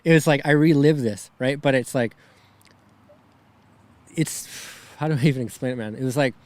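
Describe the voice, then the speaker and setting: A man's voice: medium pitch, moderate pace, a little mellow. A young man, a podcast guest, telling a personal story in a rambling way, shaken and close to tears, often adding "right?" and "man".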